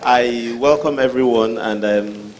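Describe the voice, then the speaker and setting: A man giving formal goodwill remarks as a guest chairman, measured and with some hesitations. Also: mid-range voice, noisy background.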